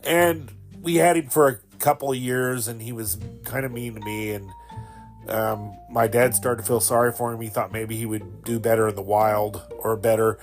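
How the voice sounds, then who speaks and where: A man's voice: lowish voice, steady tone, moderate pace, soft background music. A man in his fifties hosting a podcast, telling a personal story in a rambling, fond way, with many fillers and laughs. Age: 50s. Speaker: podcast host.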